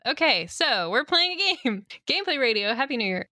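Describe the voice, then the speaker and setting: A woman's voice: high-pitched, sing-song, a little fast, pushed and bright, no room sound, studio quality. A woman co-hosting a radio game show who explains tabletop game rules in upbeat casual chat, swearing freely. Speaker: co-host and game runner.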